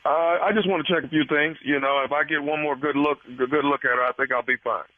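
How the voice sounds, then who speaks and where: A man voicing a smarmy male gynecologist making a prank call, talking in halting, stammering, insinuating phrases. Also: on the high side, steady tone, dry recording, lightly acted. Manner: hesitant, stammering, creepy insinuating. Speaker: radio prank caller. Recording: tinny phone line.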